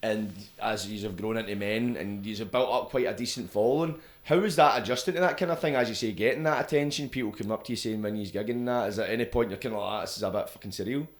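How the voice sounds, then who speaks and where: A man's voice: fairly low pitch, quick pace, hardly any pauses. A man hosting a podcast, chatting casually and swearing freely. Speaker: podcast host. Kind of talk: casual chat.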